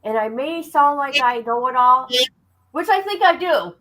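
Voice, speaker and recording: A woman's voice: sits high, lively intonation, unhurried, sharp tone, poor audio. A woman hosting a livestream, boisterous and laughing as she chats with a guest. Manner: boisterous, laughing, know-it-all banter. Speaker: livestream host. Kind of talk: casual livestream chat.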